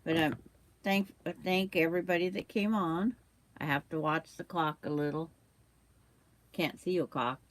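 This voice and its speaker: A woman's voice: low-pitched, steady tone, moderate pace, pauses often. Chatty older woman sewing on a livestream. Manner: chatty, reads out viewer comments, hiccups. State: hiccups. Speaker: quilting livestream host. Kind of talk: casual chat while sewing on a livestream.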